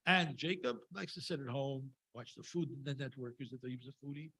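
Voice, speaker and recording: Husky man giving a chatty sermon. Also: medium pitch, normal speed, pushed and bright, poor audio. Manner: conversational and digressive, with frequent fillers and wry asides. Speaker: speaker giving a Torah talk at a Shabbat service. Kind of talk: informal sermon retelling a scripture story. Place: synagogue service.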